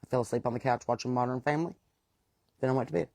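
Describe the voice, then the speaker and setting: A woman's voice: very deep voice, rapid-fire, gravelly, warm tone, no room sound. A middle-aged woman with a West Virginian accent, hosting a casual monologue and talking in a blunt, plain-spoken, aggravated way. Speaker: host.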